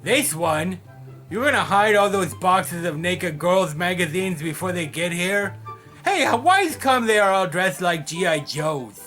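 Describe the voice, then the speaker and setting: A man performs a cheerful, oblivious manchild in a comedy web series. The voice sits high and bright. He takes his time, rambling from one goofy idea to the next, over faint music. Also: animated, a little slow, heavily acted. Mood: puzzled. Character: silly childlike man, naive and cheerful.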